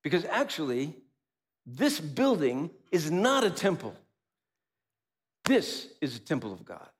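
A man preaching a sermon, animated, asking rhetorical questions and acting out little dialogues. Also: on the high side, unhurried, breathy edge. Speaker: pastor.

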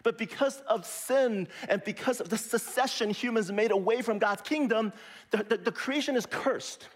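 A man preaching a sermon in a lively, conversational way, often checking in with his listeners. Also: sits high, a little fast, slightly rough. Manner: lively, conversational preaching with frequent "okay?" and "right?". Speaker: pastor.

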